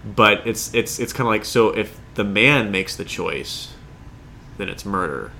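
Lower-voiced man telling a story casually. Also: expressive, unhurried, creaky, bright, forceful tone, a little hiss or hum. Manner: storytelling, earnest and wry. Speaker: podcast co-host. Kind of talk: casual chat.

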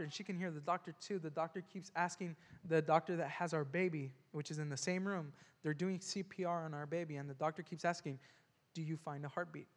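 A man with a fairly high voice tells a personal story in an earnest, halting way, often stopping and starting over. His words ring out with a long hall echo. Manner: halting and earnest, with frequent restarts and repeated words.

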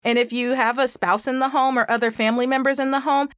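A woman hosting a parenting talk, chatty and earnest, with a pitchy voice and plenty of "like" fillers. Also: fairly even intonation, fast talker, dry recording, studio quality. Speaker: parenting podcast host. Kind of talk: casual advice talk.

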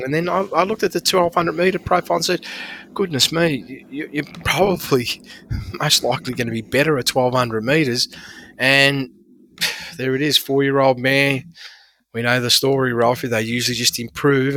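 A man's voice: medium pitch, bright, forceful tone, no echo. A man, breaking down horse racing form with enthusiastic, emphatic analysis. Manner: enthusiastic, emphatic about figures.

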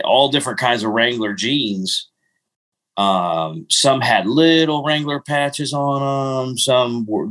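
A man's voice: on the low side, fairly bright tone, low-quality recording. A middle-aged man hosting a podcast, rambling through casual stories and laughing at himself. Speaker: podcast host. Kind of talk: casual storytelling chat.

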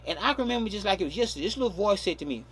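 Male pastor delivering a sermon with an animated, husky voice that leans hard on each key phrase. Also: high voice, rapid-fire. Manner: emphatic, stretching key words, frequent repeats.

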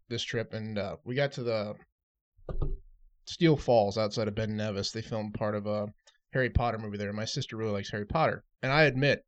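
A young man spinning long, animated anecdotes in a loose podcast chat, with plenty of laughs along the way. His pitch sits in an ordinary middle range. The recording sounds dull and lo-fi. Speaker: podcast co-host. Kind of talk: casual storytelling.

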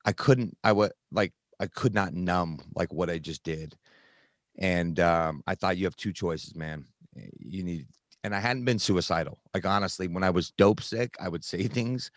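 A man with a very deep voice tells a painful personal story in conversation. He speaks earnestly, stopping and restarting often. The recording is dry, with no room sound. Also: dry recording. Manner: earnest, halting, many restarts and fillers. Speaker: guest sharing recovery story.

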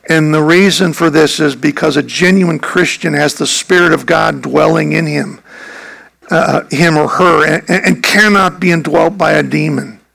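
Gravelly-voiced man preaching slowly. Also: on the high side, a bit bright, rough recording. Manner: earnest, emphatic preaching with restarts. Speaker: pastor. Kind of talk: sermon.

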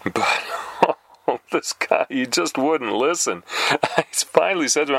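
A man spins casual stories in a bright, forward voice, peppered with "uh"s and quick laughs. The recording is dry and close, with no room sound. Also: dry recording. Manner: chatty, frequent fillers, laughs at his own stories; animated, jumps higher when reenacting calls. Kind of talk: casual storytelling monologue.

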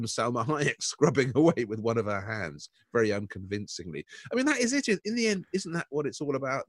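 An older man in casual critical chat, digressing and laughing as he goes. His pitch swings widely and he sounds close, with no room around him. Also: no echo. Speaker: art critic, podcast co-host.

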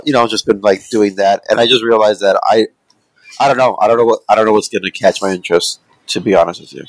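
A man's voice: sits low, creaky, dry recording, poor audio. A man chatting casually as a podcast co-host, rambling loosely with lots of fillers and asides. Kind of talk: casual chat.

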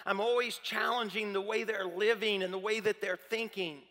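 Man doing a worn-out prophet ready to quit, lamenting, highish bright voice, big hall echo. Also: fairly even intonation, moderate pace. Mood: despairing. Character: weary, discouraged male prophet on the verge of quitting. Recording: long reverb of a large hall.

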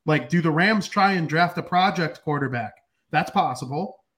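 A man's voice: on the high side, moderate pace, fairly bright tone. A young man hosting a casual sports podcast, talking in a rambling, joking way. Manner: rambling, jokey. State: hiccups. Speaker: podcast host.

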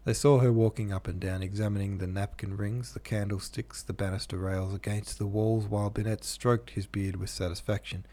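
Male audiobook narrator, low voice, measured, classic novel. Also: steady tone, warm tone. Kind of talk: classic novel read aloud.

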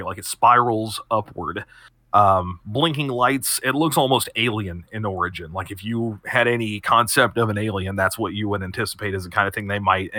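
A man's voice: on the low side, sharp tone, dry recording. A man hosting a podcast and narrating as game master, descriptive and full of fillers. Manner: descriptive, many fillers, laughs often.

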